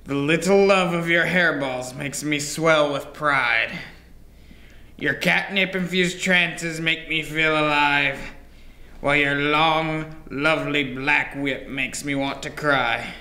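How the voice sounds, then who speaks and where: A man's voice: fairly high pitch, fairly even intonation, takes it slowly, pushed and bright, heavily acted. A man playing a bashful lovesick penguin villain. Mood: sheepish. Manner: sheepish, reciting a clumsy rhyming love poem. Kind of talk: amateur comedy sketch acting. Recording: roomy indoor echo.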